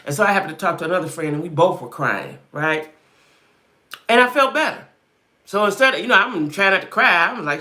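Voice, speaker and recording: A woman chatting on a live stream with a bright, forceful edge to her voice. Her pitch swings widely as she talks. She hammers points home by repeating them and breaks off to answer viewers' comments. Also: lively intonation, fairly quick. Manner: emphatic, repeats herself, reads comments aloud. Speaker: livestream host.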